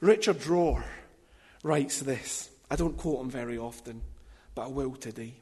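A man preaching a sermon in a deliberate, emphatic way, with light self-deprecating asides. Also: mid-range voice, mellow, slightly rough, in a large hall.

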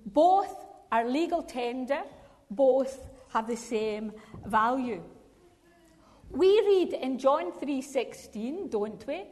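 Older scottish woman, high voice, unhurried, chatty church talk, reverberant hall. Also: expressive, darkish tone. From Scotland. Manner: chatty, storytelling, asks the audience questions. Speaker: Salvation Army speaker.

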